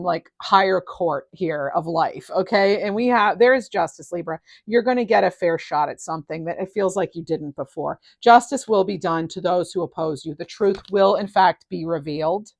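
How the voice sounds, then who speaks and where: A middle-aged woman giving a casual tarot reading, enthusiastic and animated, her voice rising and falling in loudness. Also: on the low side, dry recording, studio quality. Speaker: tarot reader.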